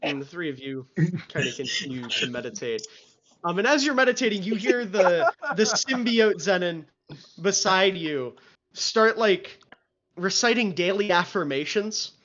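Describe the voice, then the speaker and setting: A man with a fairly high voice narrates a tabletop role-playing game as game master. He is loose and casual, with lots of fillers. The stream audio sounds muffled and lo-fi. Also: animated, unhurried, fairly bright tone, a little hiss or hum.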